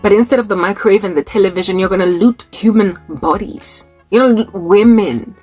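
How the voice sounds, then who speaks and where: A woman's voice: mid-range voice, husky. A young South African woman with a South African accent, preaching an unscripted prophetic sermon to camera, breaking into frequent laughter and repeating words for emphasis. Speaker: online preacher.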